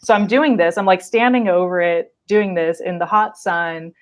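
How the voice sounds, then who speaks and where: Low-voiced young woman telling a vivid story. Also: moderate pace. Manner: animated storytelling with frequent likes and laughs. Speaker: wildlife biologist guest. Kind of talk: casual podcast chat.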